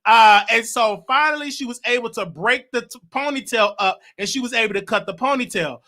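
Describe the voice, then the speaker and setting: With a very high voice, the host of a talk show laughs his way through celebrity news, his remarks animated and emotional and his phrasing drawn out.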